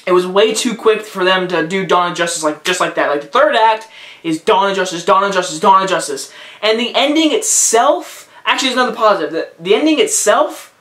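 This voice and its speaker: A man's voice: sits high, fairly quick, sharp tone. A young man giving a casual spoken movie review, rambling and repeating himself with lots of filler words. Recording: roomy echo.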